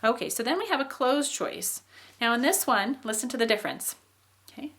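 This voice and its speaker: A woman's voice: a little high, expressive, a little fast, a bit bright. A woman lecturing as a teacher, explaining step by step with fillers and reading out example sentences. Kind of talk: recorded lecture.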